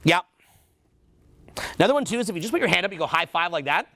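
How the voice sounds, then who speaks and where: A man's voice: high voice, animated, fast, sharp tone. A man with a Canadian accent teaching a seminar, quizzing the audience and repeating their answers back. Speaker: dating coach.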